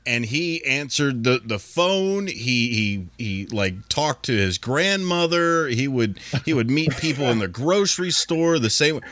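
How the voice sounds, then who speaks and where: A man's voice: medium pitch, lively intonation, measured pace, hardly any pauses, fairly bright tone, no echo. A man co-hosting a sports talk show, telling stories in casual chat with frequent restarts and playful impressions. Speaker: co-host.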